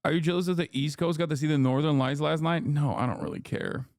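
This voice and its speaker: A man rambles and rants through his livestream commentary, swearing freely. His voice is smooth and clear. It is recorded close and dry, with no room sound. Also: a little high, fast, dry recording. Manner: profane, ranting, animated rambling. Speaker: streamer host.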